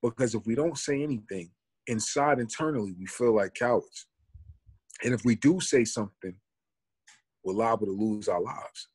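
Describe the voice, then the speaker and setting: Earnest husky-voiced man. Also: mid-range voice, moderate pace, a little mellow. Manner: earnest, reflective, builds an argument. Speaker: podcast co-host. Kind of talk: casual podcast discussion.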